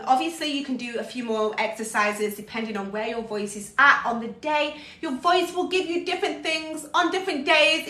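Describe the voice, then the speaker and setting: A woman vocal coach talking casually through her warm-up routine, relaxed and chatty, breaking into sung practice sounds. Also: high-pitched. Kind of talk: casual vocal warm-up lesson on a live stream. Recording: echoey room, voice a little off-mic.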